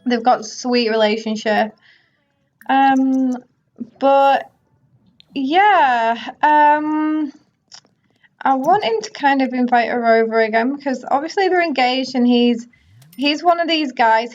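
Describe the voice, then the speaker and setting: A woman's voice: on the high side, a little mellow. A woman giving casual, chatty commentary over a life-sim game, now and then voicing characters. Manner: chatty, voices characters in quick asides. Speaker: gaming video host. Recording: slightly dull lo-fi audio.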